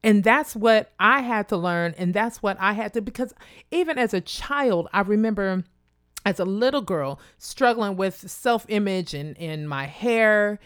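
A woman from Kansas telling a personal story in a casual, animated way, acting out other people's voices. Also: measured pace, smooth, no room sound, studio quality. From Wichita, Kansas, USA. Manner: animated, acts out quoted voices in a high pitch; addresses listeners directly and casually.

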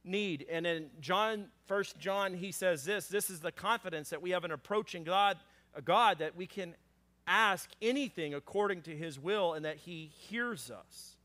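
A man preaching a sermon as pastor, conversational and animated, with frequent fillers and acted-out lines for scripture characters. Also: sits high, normal speed. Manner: acts out scripture characters in a raised voice.

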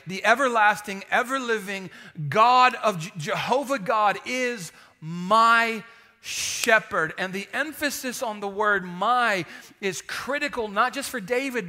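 A man preaching a sermon in an animated, humorous way, calling out to the congregation and dropping to a hushed voice to drive points home. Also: high voice. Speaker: pastor.

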